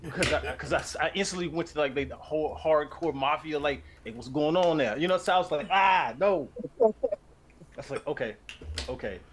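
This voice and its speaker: A man from Louisiana, a voice actor, chatting on a stream in an articulate, animated way. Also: a little high, moderate pace. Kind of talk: casual chat on a stream.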